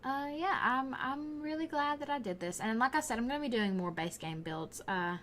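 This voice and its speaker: A woman's voice: high voice, expressive, moderate pace, fairly bright tone, a little hiss or hum. Chatty young woman, Alabama drawl. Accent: Southern US, Alabama. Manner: rambling, chatty, often laughing. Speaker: gaming YouTuber. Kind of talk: casual voice-over commentary.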